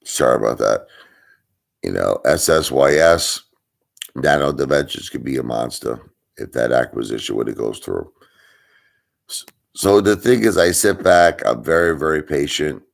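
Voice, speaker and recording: A man's voice: very deep voice, expressive, normal speed, vocal fry, pauses often. A man hosting a casual live stream, rambling and answering chat while he has the hiccups.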